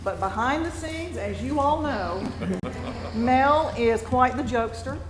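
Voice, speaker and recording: A woman's voice: high voice, expressive, slow. A woman council member and former news anchor giving chatty, affectionate remarks at a meeting. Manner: chatty, affectionate, laughs often. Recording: noisy meeting chamber.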